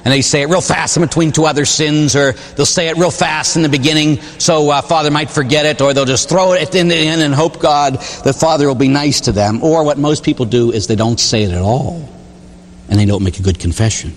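A middle-aged man preaching a sermon as a priest, telling stories in an animated way and mimicking other people's voices. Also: on the high side, fairly quick, slight background noise. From Pittsburgh area, USA. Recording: long reverb of a church hall.

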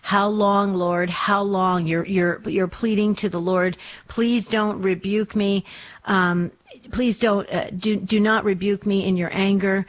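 A woman hosting a call-in radio show, speaking in an encouraging, unhurried way. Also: mid-range voice, steady tone. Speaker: radio host.

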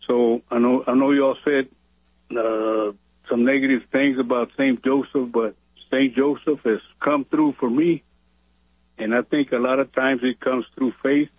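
A man's voice: mid-range voice, fairly even intonation, a little slow, slightly rough, no echo. A male caller on a radio phone-in, hesitant and full of fillers. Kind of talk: phone-in call. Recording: tinny phone line.

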